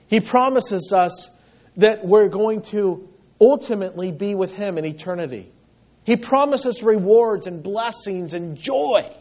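A man's voice: high-pitched, darkish tone, dull audio. A man preaching a sermon as pastor, earnest and emphatic, repeating phrases for weight.

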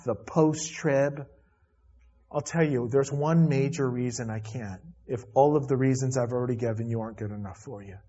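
A man's voice: mid-range voice, a little mellow, breathy edge, highs cut off. A man preaching a sermon to his church, earnest and emphatic, often repeating himself and restarting phrases. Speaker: pastor.

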